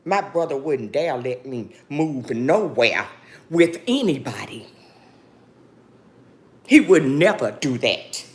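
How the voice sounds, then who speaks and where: A woman's voice: rumbling low, very animated, takes it slowly, long pauses. A woman speaking straight to her viewers, grieving and angry, defiant and preachy, and calling them "baby" again and again. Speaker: vlogger. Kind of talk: emotional direct-to-camera monologue.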